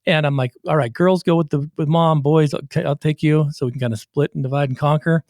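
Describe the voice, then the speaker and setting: A middle-aged man hosting a casual podcast interview, an animated storyteller who acts out the voices in his anecdotes. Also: on the high side, brisk, dry recording, clean studio sound. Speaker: podcast host and recovery coach.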